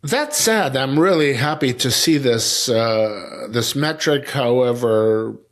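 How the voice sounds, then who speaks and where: A middle-aged man with a Russian accent, hosting a casual conversation, speaking haltingly with many fillers and restarts. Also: medium pitch, animated, a bit bright. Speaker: editor and podcast host.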